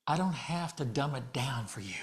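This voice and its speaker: A man's voice: medium pitch, animated, moderate pace, a crowd in the background. Folksy joking minister man. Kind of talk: conversational sermon. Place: church hall. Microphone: handheld or stand mic, slightly ringing.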